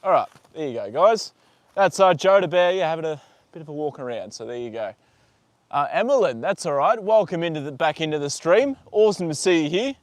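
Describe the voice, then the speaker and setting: His voice is on the high side, with lively intonation and a slightly fast pace, and there's no echo. He's hosting a casual live stream outdoors with a horse, filmed on a phone on a tripod, reading viewer comments in an easygoing ramble full of fillers.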